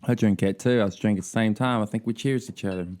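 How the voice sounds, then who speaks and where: A man's voice: fairly low pitch, steady tone, quick pace, a little mellow. A laid-back man from the United States co-hosting a casual podcast chat, joking and often trailing off with "I don't know.". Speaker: podcast co-host. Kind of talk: casual chat over drinks. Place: home in Alaska on a video call.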